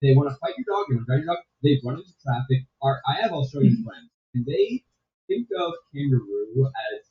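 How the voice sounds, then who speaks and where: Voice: mid-range voice, expressive, a little fast, distant mic. A podcast host chatting casually about a film, rambling and swearing as they retell scenes. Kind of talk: casual movie chat. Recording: dull roomy podcast audio.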